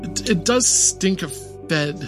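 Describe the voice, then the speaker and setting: A man's voice: high-pitched, animated, unhurried, music in the background. A man co-hosting a podcast in casual chat, rambling with fillers and laughing easily. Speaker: podcast co-host.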